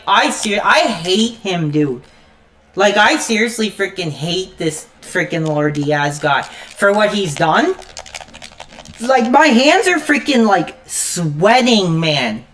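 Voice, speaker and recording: A woman's voice: lowish voice, a bit bright. Mad streamer lady ranting at chat, cussing every other word, tripping over her words. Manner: furious, profane, stammering rant; repeats "frickin'" constantly. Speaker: live streamer. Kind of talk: angry live-stream rant while gaming.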